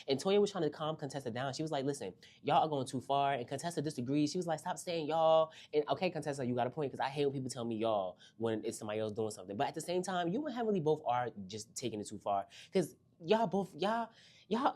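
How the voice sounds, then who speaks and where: Low-voiced sassy woman recapping reality TV. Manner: animated, sassy, swoops high for emphasis. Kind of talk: casual recap commentary.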